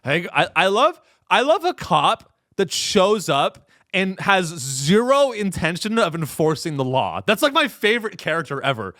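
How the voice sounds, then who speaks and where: A man's voice: high-pitched, very animated, normal speed, few pauses, bright, forceful tone, no echo, studio quality. A young man hosting a comedy show, ranting in a profane, rambling way and slipping into mocking voices. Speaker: comedy podcast host. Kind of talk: comedic rant.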